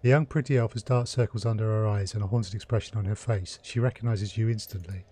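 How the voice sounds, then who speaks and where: A man hosting a let's play, reading game text aloud calmly with short asides. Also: fairly low pitch, fast talker.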